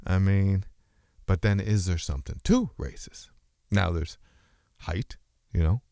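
A man with a very low voice thinks out loud in a loose, meandering monologue. He stops and restarts his sentences and sometimes drifts between registers of speech. The recording is close and dry, with no room sound. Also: takes it slowly, vocal fry, dry recording. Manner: rambling, musing, self-interrupting. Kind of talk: casual philosophical monologue.

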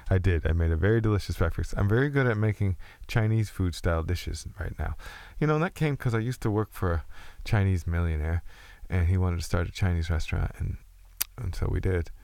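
A man's voice: deep voice, fairly quick, vocal fry, a little mellow, clean tone, no room sound. A man hosting a casual chat, telling loose, profane, rambling stories with frequent restarts.

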